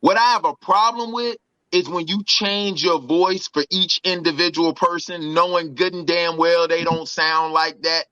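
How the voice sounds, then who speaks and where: A man's voice: a little high, moderate pace, no room sound, dull audio. A man co-hosting a casual comedic podcast chat, joking and mimicking other people's voices. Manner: animated, mimics voices for laughs. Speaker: podcast co-host.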